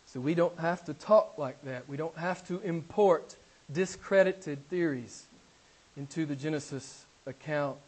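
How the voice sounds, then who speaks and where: A male pastor preaching a sermon, emphatic, repeating key phrases and swinging between loud declarations and quiet asides. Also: on the high side, unhurried, rough recording. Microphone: recorded for a podcast.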